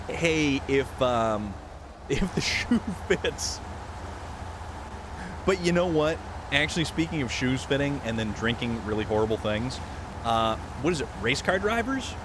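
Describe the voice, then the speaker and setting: A man's voice: a little high, background noise. A man live-streaming a game, chatting loosely with viewers, joking and reading out the chat. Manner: rambling, jokey, reads chat aloud.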